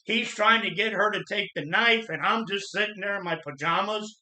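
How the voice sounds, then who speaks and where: A middle-aged man hosting his channel, earnestly telling his own life story in a plain-spoken, halting way. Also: high voice, pushed and bright. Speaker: channel host sharing personal trauma story. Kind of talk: personal storytelling monologue. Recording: echoey room.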